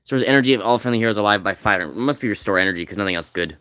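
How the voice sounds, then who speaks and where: A man's voice: fairly low pitch, fairly bright tone, clean tone, dry recording. Dry-voiced man chatting over a game. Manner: rambling, reads game text aloud fast. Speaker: game streamer. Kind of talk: casual gameplay commentary.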